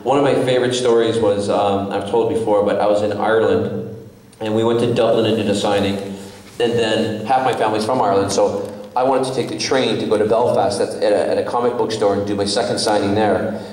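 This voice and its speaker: A man's voice: lowish voice, steady tone, a little fast, darkish tone. A man chatting as a guest at a fan convention panel, telling anecdotes and acting out the voices of people in them, often breaking into laughter. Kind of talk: anecdotal storytelling to an audience. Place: large convention hall. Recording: echoey convention hall, mic from far off.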